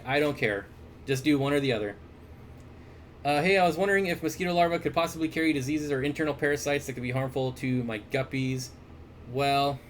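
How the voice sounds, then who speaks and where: A man hosting a casual livestream, reading viewer comments aloud and answering aquarium questions in a relaxed, chuckling way with lots of fillers. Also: mid-range voice, a little hiss or hum. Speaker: aquarium store owner and livestream host. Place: indoors, at his fish room or store. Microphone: desk mic.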